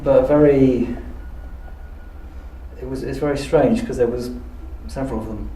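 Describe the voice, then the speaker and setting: An English man working as a medium on a ghost hunt, talking in a halting way with many restarts. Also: mid-range voice, steady tone, dark tone, distant mic. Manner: hesitant, halting, lots of restarts. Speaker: psychic medium. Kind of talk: ghost-hunt walk-around, talking to spirits. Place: old building at night, rooms and cellar. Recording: roomy echo, faint noise.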